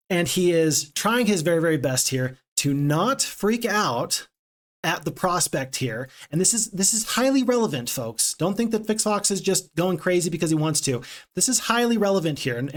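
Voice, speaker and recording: A man live-streaming a strategy game, chatting with viewers in a casual, expressive way and exclaiming often. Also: fairly high pitch.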